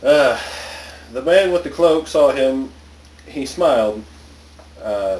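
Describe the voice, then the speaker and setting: A man's voice: mid-range voice, expressive, takes it slowly, long pauses, a little mellow, echoey room, recorded from a distance, slight background noise, low-quality recording. A man casually reading a story aloud to friends, stumbling over words now and then. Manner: casual, stumbling, laughs often. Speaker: story reader. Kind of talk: joking comedic reading aloud.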